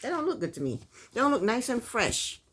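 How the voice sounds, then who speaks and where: A woman's voice: fairly high pitch, very animated, a little fast, a bit bright, husky. Chatty woman doing a tv recap vlog, opinionated, voice jumps all over the place when she gets going. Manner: opinionated, chatty, talks straight to viewers. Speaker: TV recap vlogger. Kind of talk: casual recap commentary.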